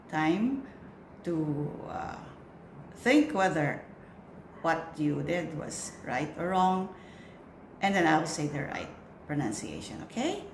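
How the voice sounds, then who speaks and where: A woman leads a pronunciation drill very slowly, with long patient pauses between her prompts. Her pitch sits a little low but swings widely from word to word. She sounds echoey, as if in a bare room, with a faint hiss behind her. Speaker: pronunciation coach for church lectors.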